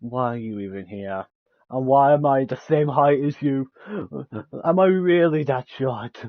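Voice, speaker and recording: A man's voice: mid-range voice, measured pace, no room sound, narrow, tinny audio. Man stumbling through game dialogue aloud. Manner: stumbling over words, often restarting lines; laughs between lines. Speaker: game streamer.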